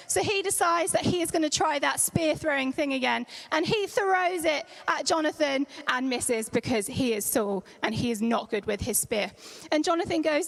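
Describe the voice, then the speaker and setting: A woman's voice: sits high, lively intonation, moderate pace, gravelly. A woman leading children's church, telling a Bible story in a playful, slangy, dramatic way. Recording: church hall reverb.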